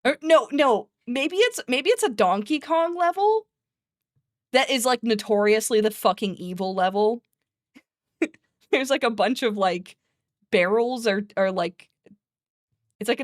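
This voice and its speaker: A woman's voice: a little high, measured pace, long pauses, dry recording. Woman streamer, casual rambling chat, frequent laughs, profane, dry close sound. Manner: rambling, laughs often, swears freely.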